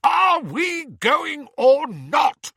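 A man's voice: very high voice, sing-song, very slow, bright, forceful tone, no room sound, clean studio sound, voice pushed up, full character voice. A man putting on roaring Uncle Vernon. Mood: impatient. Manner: roaring, blustering. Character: bullying impatient middle-aged man, Uncle Vernon.

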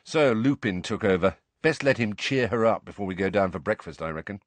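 A man's voice: fairly low pitch, brisk, no echo, natural voice. A man voicing an offhand, teasing teenage boy. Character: breezy teenage boy, one of twins.

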